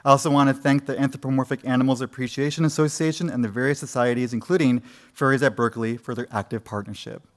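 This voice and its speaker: A man's voice: mid-range voice, steady tone, fast. A man opening a university conference in a lecture room, formally thanking sponsors and introducing the keynote speaker. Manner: formal, reads out a list of thanks.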